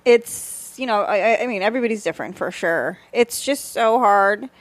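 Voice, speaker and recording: A woman's voice: medium pitch, lively intonation, normal speed. A woman hosting a podcast, talking frankly and jokingly in casual chat, swearing now and then. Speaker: podcast host.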